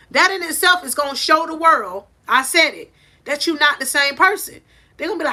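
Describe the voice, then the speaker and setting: Woman coach, preachy and emphatic, bright voice, higher pitch, phone mic, porch. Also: very animated, brisk. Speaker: life coach. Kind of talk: motivational talk to camera. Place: on a porch outdoors. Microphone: phone held in hand.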